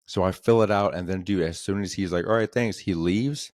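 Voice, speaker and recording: A man's voice: deep voice, moderate pace, darkish tone, no room sound, studio quality. A young man hosting a comedy podcast, telling stories casually, swearing and saying "dude" all the time. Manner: laid-back, profane, says "dude" constantly. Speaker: podcast host.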